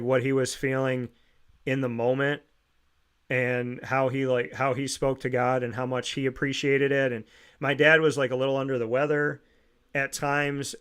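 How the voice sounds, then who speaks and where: With a smooth, clear voice of ordinary middle pitch and a slightly bright tone, this podcast host opens up to his guest about something personal and heartfelt. His manner is casual and earnest, with pauses and restarts while he reflects.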